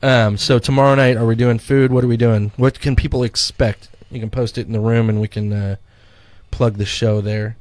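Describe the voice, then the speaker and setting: A man's voice: mid-range voice, fairly even intonation, normal speed, darkish tone, no room sound. A middle-aged man co-hosting a podcast in casual chat, a rambling storyteller who swears casually and acts out quotes. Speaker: podcast co-host. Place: studio.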